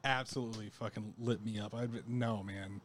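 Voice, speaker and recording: A man's voice: fairly low pitch, steady tone, a little fast. A man co-hosting a podcast, reacting bluntly and swearing when he gets heated. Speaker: podcast co-host. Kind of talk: casual chat.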